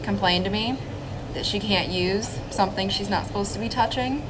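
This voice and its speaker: A woman's voice: mid-range voice, moderate pace. Fed-up woman ranting over background noise. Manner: fed-up, indignant complaining. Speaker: spa worker. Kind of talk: casual storytime to camera.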